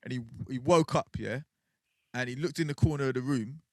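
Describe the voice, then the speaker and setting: A man telling a ghost story in casual podcast banter, animated and laughing often. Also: mid-range voice, fairly quick, dry recording. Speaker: podcast co-host.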